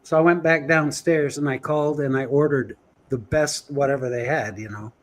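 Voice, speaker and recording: A male guest telling an anecdote in an animated, chuckling way. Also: mid-range voice, moderate pace. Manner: lively, chuckling, breathless storytelling.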